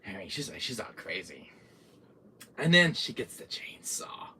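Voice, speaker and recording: A man hosting a gaming channel, chatting casually about horror games, who swears freely and acts out scenes in little voices and hushed whispers. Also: fairly low pitch, sing-song, measured pace, recorded from a distance.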